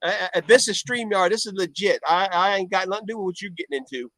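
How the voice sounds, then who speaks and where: A man's voice: high-pitched, fast talker, a bit bright, dry recording. A man hosting a casual live stream, stammering and repeating words as he chats. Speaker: host. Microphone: video call mic.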